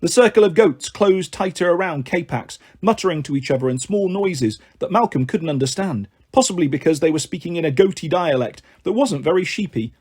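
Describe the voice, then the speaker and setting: Animated man reading a children's story. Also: a little high, brisk, hardly any pauses, breathy edge. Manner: animated voicing of many characters. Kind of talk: reading a children's book aloud.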